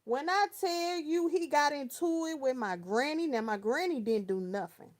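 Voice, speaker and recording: A woman's voice: high-pitched, normal speed. A woman around thirty from Texas, chatting casually on a livestream, telling stories in slang and answering viewers by name. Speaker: live chat host. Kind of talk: casual livestream chat, reading viewer comments.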